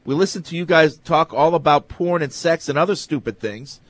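A man's voice: on the high side, brisk, fairly bright tone, no echo. Man, sports talk co-host, reads listener mail, easygoing, casual. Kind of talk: casual sports talk, reading emails aloud.

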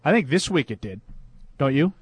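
A man's voice: mid-range voice, big pitch swings, moderate pace, husky. A man co-hosting a sports talk show, chatting casually and reading listener emails aloud. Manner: conversational, reads emails aloud with amusement. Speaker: sports radio co-host.

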